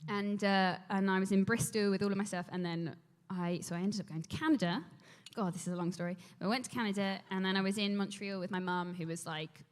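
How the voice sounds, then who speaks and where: Animated woman telling stories in a hall. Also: medium pitch, quick pace, hardly any pauses. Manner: animated, rambling, laughs often. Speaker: actress on a convention panel. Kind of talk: anecdotal panel storytelling. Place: large convention hall. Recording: echoey convention hall.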